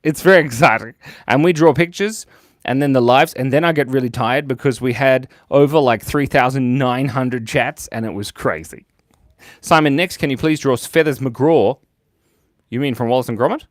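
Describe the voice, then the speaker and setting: A man's voice: medium pitch, moderate pace, no echo, clean studio sound. An Australian man hosting a live drawing stream, chatting casually and joking as he reads out viewer comments. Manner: playful and jokey, reading out viewer chat.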